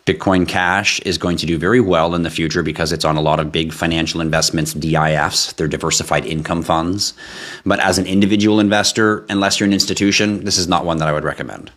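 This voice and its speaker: A man's voice: deep voice, fairly even intonation, fast, fairly bright tone. A man hosting a casual live stream, reading out viewer questions and answering them in a blunt, offhand, joking way.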